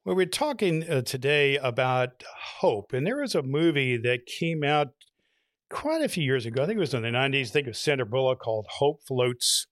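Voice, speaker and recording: A man co-hosting a talk show, telling a long joke in a folksy, drawn-out way, now and then shouting the punchlines. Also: mid-range voice, expressive, no room sound, clean studio sound. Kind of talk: casual storytelling.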